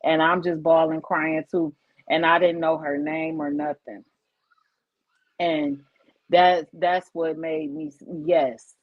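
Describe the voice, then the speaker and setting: Woman guest, emotional and animated, lowish voice, lo-fi stream audio. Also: slow, dry recording. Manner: emotional storytelling, animated quoting of others. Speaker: guest, founder of inclusion nonprofit. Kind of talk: casual live-stream interview.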